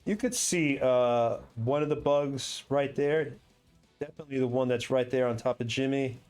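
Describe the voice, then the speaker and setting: A man's voice: medium pitch, moderate pace, darkish tone, clean tone, faint music behind. A man running a tabletop game as game master, casual and chatty, often correcting himself. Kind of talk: narrating a tabletop game over a video call.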